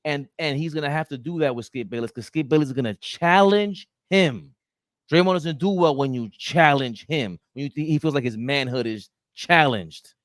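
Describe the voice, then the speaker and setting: A man co-hosting a casual sports podcast, talking in slangy, emphatic bursts with loud outbursts. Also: a little high, normal speed, no room sound, studio quality. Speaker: podcast co-host.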